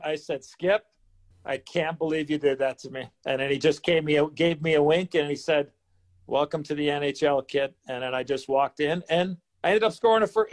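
A man in his fifties, a former hockey player, telling a story in an interview and acting out the dialogue. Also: on the high side. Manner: animated storyteller who acts out dialogue.

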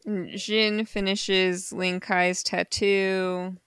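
A woman's voice: medium pitch, little pitch movement, extremely slow, fairly bright tone, clean tone, no echo. A woman co-hosting a podcast, recapping a comic in casual chat with unsure asides and easy laughs. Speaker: podcast co-host.

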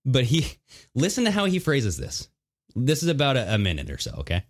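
A man co-hosting a casual political podcast, talking in an animated, mocking way and laughing often. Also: medium pitch, brisk. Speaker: podcast co-host.

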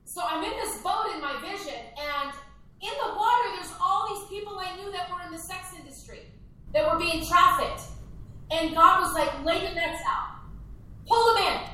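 A woman from Minnesota, a ministry founder, telling her story in an animated, emphatic way with repetitions. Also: extremely high pitch, moderate pace. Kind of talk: conversational interview. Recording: echoey, distant from mic.

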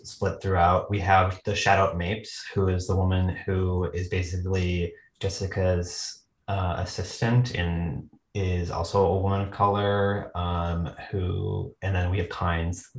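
A fairly low male voice with a noticeable room echo around it. He talks through the film in a thoughtful, analytical way, laughing lightly as he makes his points. The tone is casual and conversational. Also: flat delivery, unhurried.

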